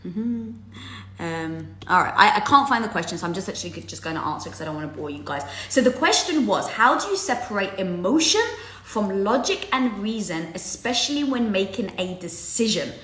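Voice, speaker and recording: A woman hosting a live video, giving casual motivational talk in a candid, animated way with lots of fillers and casual swearing. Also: mid-range voice, normal speed. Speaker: host of a live social media video. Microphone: headset or phone mic. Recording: echoey room sound.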